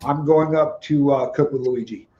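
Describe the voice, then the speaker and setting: A man's voice: mid-range voice, moderate pace, mellow, echoey room. A man co-hosting a casual livestream chat in an easygoing, wry way. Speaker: co-host. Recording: dull lo-fi mic.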